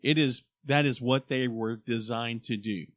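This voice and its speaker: A man's voice: mid-range voice, fairly even intonation, unhurried. Boisterous joking man. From Oklahoma. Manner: boisterous, joking, slips into comic voices. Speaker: podcast co-host. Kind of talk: casual chat.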